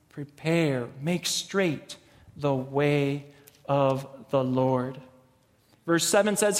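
A man with a high voice preaches slowly and with emphasis, reading scripture between his own remarks. His voice rings with a long echo, as in a large hall. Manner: slow, emphatic preaching with swings in loudness.

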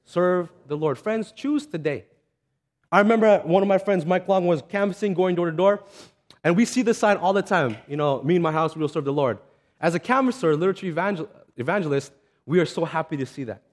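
A man's voice: sits high, brisk. A man preaching a sermon in a conversational, earnest way, telling stories and acting out the voices of the people in them. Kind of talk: sermon with storytelling.

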